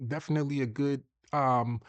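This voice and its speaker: A man's voice: medium pitch, steady tone, moderate pace, dry recording, muffled recording. A man hosting a casual screen-share tutorial, chatty and thinking aloud as he repeats himself. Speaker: host.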